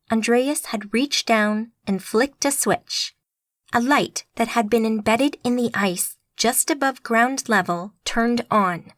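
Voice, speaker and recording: A woman giving steady, scripted audiobook narration. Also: fairly high pitch, no echo.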